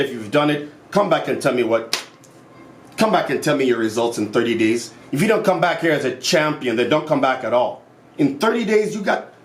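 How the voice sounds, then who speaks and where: A man's voice: mid-range voice, slight background noise. Passionate man talking in an echoey room. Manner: passionate, animated storytelling with acted quotes. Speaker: self-improvement vlogger. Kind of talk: casual monologue to camera.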